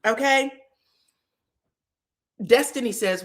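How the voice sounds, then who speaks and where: A woman with a medium-pitched voice recaps a reality show on a casual livestream, speaking unhurriedly. She tells the drama in a sassy, slangy, profane style, acting out people's quotes with lively voices.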